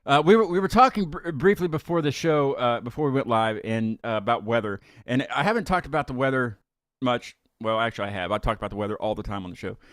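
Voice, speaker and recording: A man's voice: mid-range voice, expressive, fast, a bit bright, dry recording, clean studio sound. A man hosting a live music talk show, chatting casually and rambling with frequent restarts and fillers. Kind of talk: casual live-stream chat.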